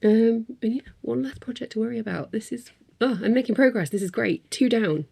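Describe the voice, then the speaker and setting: A woman's voice: on the high side, brisk, vocal fry, darkish tone, husky. A woman in a casual craft vlog, chatting in a rambling way with frequent ums and little laughs. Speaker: craft vlogger. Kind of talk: casual chat.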